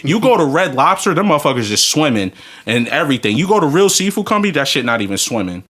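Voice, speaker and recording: A man, drunk and telling crude stories on a podcast, ranting loudly with profanity and bursts of laughter. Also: fairly high pitch, sing-song, fast talker. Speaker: podcast co-host. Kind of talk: crude storytelling banter.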